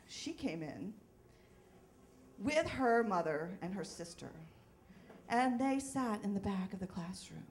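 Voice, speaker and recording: Middle-aged woman, casual stage storyteller, quick self-deprecating delivery, frequent laughs. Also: medium pitch, a little hiss or hum. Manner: chatty, self-deprecating, laughs often, restarts. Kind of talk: live personal storytelling. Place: live event in front of an audience.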